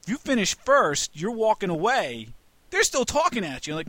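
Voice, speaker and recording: A man co-hosting a casual chat, an animated storyteller who swears freely and laughs often. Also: sits high, normal speed, no echo. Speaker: podcast co-host.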